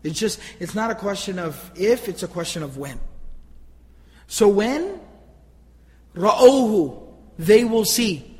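High-voiced man teaching with emphatic questions. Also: animated, normal speed, few pauses, in a large hall, rough recording. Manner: emphatic, repeats and restarts words, asks rhetorical questions. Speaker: Quran teacher. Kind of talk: explaining Quranic grammar to listeners.

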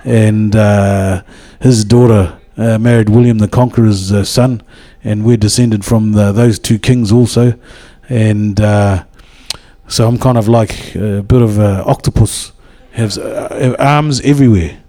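New man, low and warm, rambling devotional talk with lots of hesitations. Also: steady tone, measured pace. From New Zealand. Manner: rambling, with many hesitations and restarts. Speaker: speaker at a church gathering.

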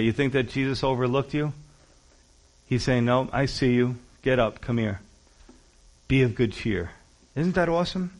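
A man preaching a sermon, pastor-style, acting out scripture quotes with rising and falling loudness. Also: on the high side. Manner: animated preaching, acts out Bible quotes with shifting loudness.

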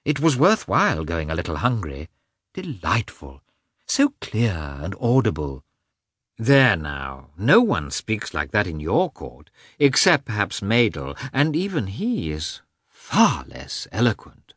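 A man's voice: fairly low pitch, wildly swooping pitch, slow pace, a bit bright, slightly rough, no room sound, clean studio sound, exaggerated voice. A man voicing a society lady who chatters admiringly to a lawyer in an audiobook. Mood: gushing. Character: gushing society lady in a gallery.

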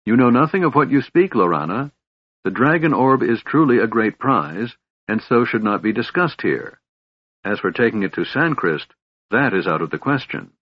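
A man's voice: fairly low pitch, lively intonation, moderate pace, no room sound. A man voicing an ancient, proud elf lord who speaks in a stern, commanding manner. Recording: dull, lo-fi audiobook recording.

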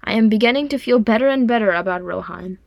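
A woman's voice: a little high, fast talker, creaky, no room sound. A woman reading a cheeky, smug young male dwarf with a playful manner. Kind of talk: audiobook fan fiction reading.

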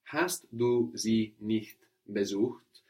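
A man's voice: on the low side, very slow, darkish tone. A man teaching a spoken language lesson, patiently repeating his student's answers and explaining grammar step by step.

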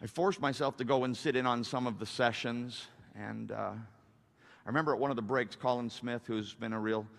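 A man's voice: mid-range voice, fairly even intonation, normal speed, creaky. Preaching man in a reverberant hall. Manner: preaching with sudden loud surges and soft confessional stretches. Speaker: pastor. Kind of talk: sermon.

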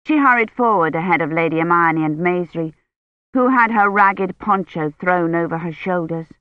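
A woman reading a novel aloud as scripted narration, in a measured storytelling manner. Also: on the low side, dry recording. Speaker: audiobook reader. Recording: tinny phone-like dry sound.

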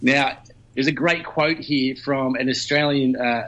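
Brief: male news commentator, mid-pitched, talkative, heard over a dull lo-fi remote line. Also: steady tone, unhurried, fairly bright tone. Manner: talkative, explains at length with fillers.

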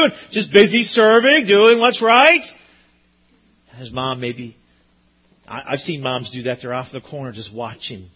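A man's voice: sits high, pushed and bright, slightly rough, lo-fi sound. A man preaching a sermon in an earnest, emphatic way, often repeating his points. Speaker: pastor.

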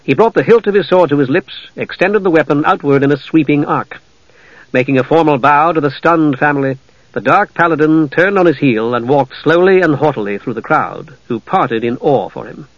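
A man's voice: fairly high pitch, dry recording. Man reading a fantasy audiobook. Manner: measured, even storytelling. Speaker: audiobook narrator. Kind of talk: scripted narration. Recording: dull lo-fi dry audio.

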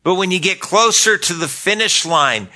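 A man's voice: high-pitched, expressive, moderate pace, pushed and bright. An older man preaching a sermon as pastor, earnest, often repeating a word as he starts a phrase.

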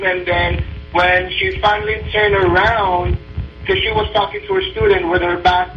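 A man phones in to a radio show from his car and rambles through a story. His voice sits high, and the muffled call sounds dull. A faint hum and music sit underneath. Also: level tone, normal speed, distant mic. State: driving while talking. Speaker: caller.

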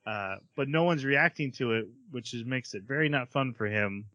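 Bright-voiced man recapping an anime. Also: medium pitch, moderate pace, no room sound, highs cut off. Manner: animated retelling, acting out characters' lines, laughs often. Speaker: podcast co-host reviewing anime. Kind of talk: casual chat, recapping an episode.

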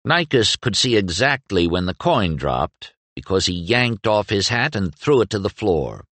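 A man narrating a fantasy audiobook in a measured, expressive manner. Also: lowish voice, dry recording. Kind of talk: scripted narration.

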